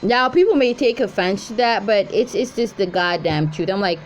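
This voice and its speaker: A woman's voice: medium pitch, lively intonation, normal speed, slight background noise. A woman, talking to her viewers in a profane, rambling, exasperated rant. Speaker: intuitive reader vlogger. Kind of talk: casual ranting commentary.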